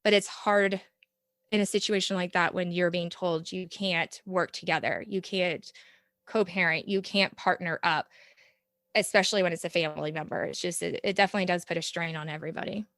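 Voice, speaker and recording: A woman's voice: on the low side, fairly even intonation, brisk, fairly bright tone, dry recording, clean studio sound. A woman, speaking earnestly and reflectively as an interview guest, often laughing as she talks. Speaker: podcast guest, parent mentor. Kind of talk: conversational interview.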